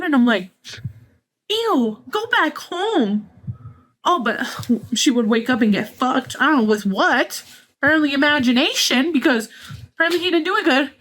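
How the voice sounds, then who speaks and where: Profane, gossipy high-voiced woman host. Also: fairly bright tone. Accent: Mexican-American English with Spanish phrases. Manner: candid, profane, gossipy, sarcastic. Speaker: podcast host. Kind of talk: casual storytelling chat.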